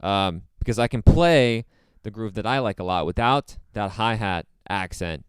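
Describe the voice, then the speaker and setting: A man with a smooth, clear, fairly low voice talks through a drum lesson in a laid-back, conversational way. His sound is dry and close, with no room ring. He often circles back with fillers as he explains. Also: moderate pace, dry recording. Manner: relaxed, repeats himself, many fillers. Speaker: drum teacher. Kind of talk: casual instructional talk.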